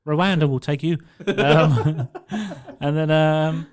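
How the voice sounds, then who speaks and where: Young male podcast co-host, mildly high voice, loose sweary storytelling with frequent laughs. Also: fairly even intonation, slow. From England. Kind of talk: casual chat. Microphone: studio mic on arm.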